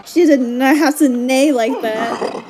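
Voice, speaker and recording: A woman's voice: high voice, slow pace, music in the background. A young woman hosting a casual movie reaction, who laughs often, swears and talks to the characters on screen. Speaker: reaction video host.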